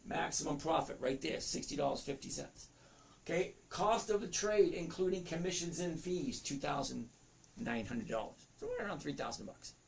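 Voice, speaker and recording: A trading educator in his fifties, voice cracking, chats through a live lesson while reading comments from viewers aloud and breaking off mid-thought. His voice is a little high and creaky.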